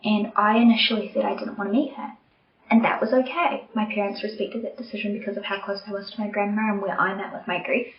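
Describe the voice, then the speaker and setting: Young woman podcast host, earnest and open, soft near-whispers at times; roomy, slightly muffled home recording. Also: mid-range voice, fairly even intonation, fast talker. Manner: candid, earnest, softening to near-whispers at tender moments. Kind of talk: personal reflective monologue.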